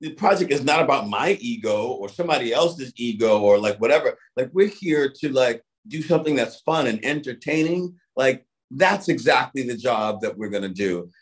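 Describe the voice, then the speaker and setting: A man's voice: mid-range voice, animated, moderate pace. A middle-aged man, an actor being interviewed, talking casually and loosely, with lots of "like" and "you know what I mean".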